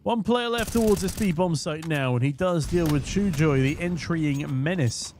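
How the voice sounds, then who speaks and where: A hoarse young man casting an esports match from a booth, with quick, joking play-by-play. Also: fairly high pitch, a little mellow, slight background noise. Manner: quick, jokey, punning play-by-play. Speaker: esports caster. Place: casting booth at a live event.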